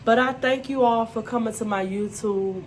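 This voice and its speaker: Soft music plays behind a woman whose voice sits on the high side, at a normal speed. An adult vlogger and mother of school-age children, she shares her life story on camera in a candid, emphatic style full of "you know" and "y'all."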